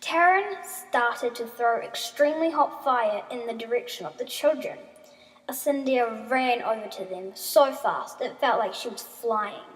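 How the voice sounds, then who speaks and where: A woman slowly reading her written story aloud, acting out the sound effects. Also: fairly high pitch. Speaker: story reader. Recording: reverberant room.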